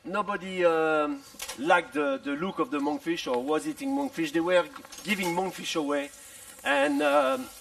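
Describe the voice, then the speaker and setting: A middle-aged chef from France explains his dish at a festival demo, his speech full of restarts and repeated words and broken up by dry little jokes. His voice is heavily gravelly, with a pitch that rises and falls a lot. He stands back from the mic, so he sounds somewhat distant. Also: very animated, moderate pace, few pauses, a bit bright, dry recording. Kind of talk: live cooking demonstration. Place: festival demonstration tent.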